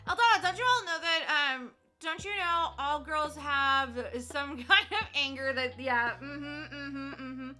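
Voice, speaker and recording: A woman's voice: high-pitched, lively intonation, a little slow, hardly any pauses, pushed and bright, soft background music. A young woman streaming casually while cross-stitching, chatty and teasing, swearing freely and laughing often.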